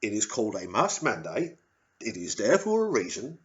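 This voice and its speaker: A man's voice: on the low side, huge pitch swings, normal speed, lo-fi sound. A man voicing an overly polite British official who keeps apologizing and calling someone sir. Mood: fawning. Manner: repeats "sir" obsequiously.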